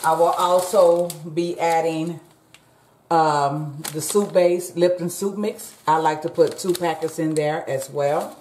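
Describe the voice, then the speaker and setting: A woman's voice: deep voice, fairly even intonation, slow, darkish tone, slight background noise. A woman hosting a home cooking vlog, chatting casually to her viewers in her kitchen. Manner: chatty, talks straight to viewers as "y'all". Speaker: cooking channel host. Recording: roomy echo.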